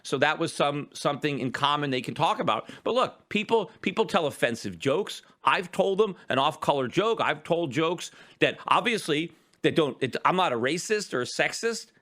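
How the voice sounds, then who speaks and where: A middle-aged man hosting a podcast, delivering an animated, argumentative opinion monologue full of rhetorical questions. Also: fairly high pitch, moderate pace, few pauses. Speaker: podcast host.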